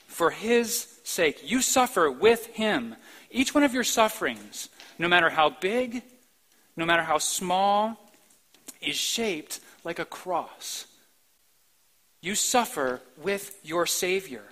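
A man preaching a sermon in a church, swinging between soft, slow passages and sudden loud, emphatic outbursts. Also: high voice, very animated, rough recording. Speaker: pastor. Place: church sanctuary, live-streamed.

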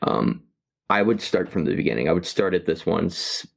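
A man co-hosting a podcast, reviewing a movie in casual chat, halting with many fillers and restarts. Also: sits low, expressive, vocal fry. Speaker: podcast co-host.

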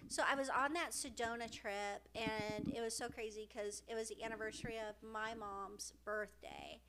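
Brief: middle-aged woman podcast co-host, earnest and emotional, high voice. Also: big pitch swings, normal speed, a bit bright, a little hiss or hum. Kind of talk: casual heartfelt podcast chat.

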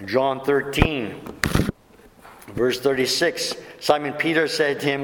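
Slow-speaking male deacon in echoey hall. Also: mid-range voice, noisy background. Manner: slow, reads scripture aloud with quoted dialogue. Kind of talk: sermon.

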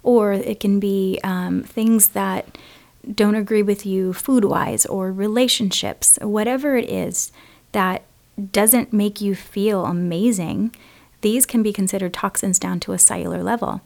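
A woman's voice: mid-range voice, fairly even intonation, a little slow, creaky, a little mellow. A woman co-hosting a podcast, talking in a chatty, enthusiastic way and laughing easily. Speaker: podcast co-host. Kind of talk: casual conversation.

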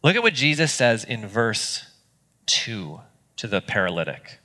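A pastor delivers an earnest, conversational sermon in a crisp, forceful voice, now and then restarting a phrase. His words ring out through a church auditorium with a long, trailing echo. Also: fairly low pitch, big pitch swings, measured pace.

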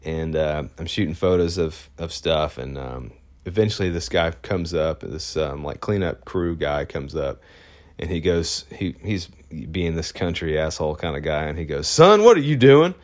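A man with a very low voice tells a story as a photojournalist, casual and meandering. He stops and restarts often and leans on fillers. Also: steady tone, moderate pace. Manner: rambling, with many fillers and restarts.

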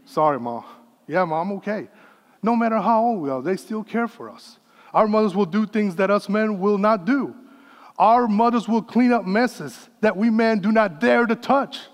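Man, 50s, pastor, sermon, earnest, folksy asides, high voice, long reverb. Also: normal speed.

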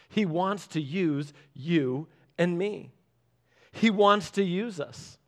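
A man in his thirties preaching a sermon, animated and acting out little voices as he speaks. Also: slow. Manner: animated, acts out voices with big pitch jumps. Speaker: pastor.

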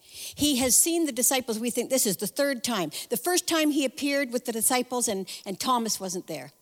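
Lively woman preaching in a reverberant hall. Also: on the high side, normal speed. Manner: animated storytelling, acting out voices in the story. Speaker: speaker at a church women's event. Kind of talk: conversational sermon.

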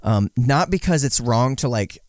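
A man's voice: medium pitch, lively intonation, normal speed, no echo, studio quality. A man giving casual commentary, sarcastic and mocking, sometimes voicing quotes in exaggerated tones. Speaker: podcast commentator.

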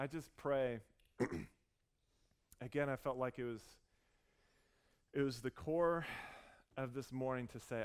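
Earnest preacher man, smooth voice. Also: mid-range voice. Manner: earnest, warm storytelling with restarts. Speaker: pastor. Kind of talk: sermon.

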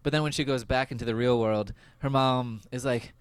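A young man hosting a podcast, recapping an episode in casual chat, laughing often and filling pauses with "um" and "like". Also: mid-range voice, smooth, dry recording. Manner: laughs often, goofy and animated, lots of fillers. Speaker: podcast host.

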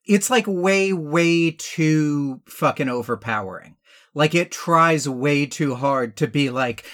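A man's voice: fairly high pitch, slow pace, fairly bright tone. A man co-hosting a casual film review chat, blunt, profane and exasperated. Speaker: podcast co-host.

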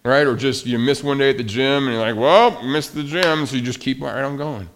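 Mid-pitched male pastor, chatty animated preaching that swings from hushed to loud. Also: fast talker, a little hiss or hum. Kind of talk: sermon.

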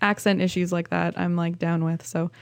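A woman's voice: on the low side, level tone, normal speed, vocal fry, dry recording, studio quality. A woman co-hosting a casual film podcast, talking in rambling, restarting sentences. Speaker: podcast co-host. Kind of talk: casual chat.

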